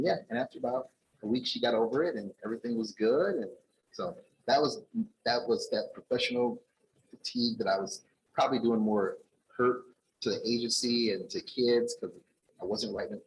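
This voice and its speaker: In a conference ballroom, a man with a fairly low-pitched voice tells the audience a personal story, acting out the dialogue in a raised voice. The recording is low quality, with a little hiss or hum.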